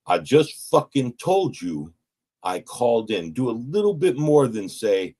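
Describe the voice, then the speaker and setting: A man's voice: mid-range voice, slow, breathy edge. A man telling a personal story in casual, profane speech, acting out what people said to him. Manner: profane, animated, retells with quoted voices. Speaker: person sharing at a recovery meeting.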